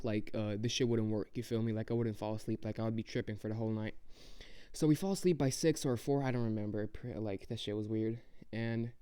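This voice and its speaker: A man's voice: medium pitch, mellow, smooth. A young man casually telling a rambling, profane story as a vlogger.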